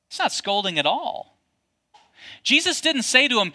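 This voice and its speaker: A man preaching a sermon as a pastor, addressing his congregation with lively rhetorical questions. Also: sits high, normal speed.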